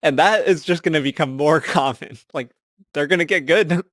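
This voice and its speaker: A man's voice: on the high side, moderate pace, fairly bright tone, no echo, studio quality. A man speaking as a podcast guest, matter-of-fact, with laughs between his points. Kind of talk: casual discussion.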